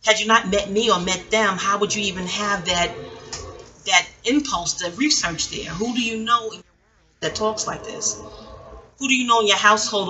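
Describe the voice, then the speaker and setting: A woman's voice: mid-range voice, bright, forceful tone, a little hiss or hum, low-quality recording. A woman vlogging a rambling personal monologue, chatty and digressive, often stopping to fire off pointed rhetorical questions. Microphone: audio-only home recording.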